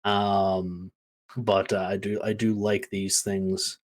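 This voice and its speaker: Animated, rambling man talking wrestling. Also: low-pitched, slow. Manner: animated, rambling, many fillers. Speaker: podcast co-host. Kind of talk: casual wrestling chat.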